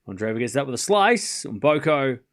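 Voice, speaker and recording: A man's voice: mid-range voice, sing-song, moderate pace. Man calling tennis live on a stream. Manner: casual, thanks viewers for donations between points. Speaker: host of a tennis watchalong stream. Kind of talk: live play-by-play commentary over a scoring stream.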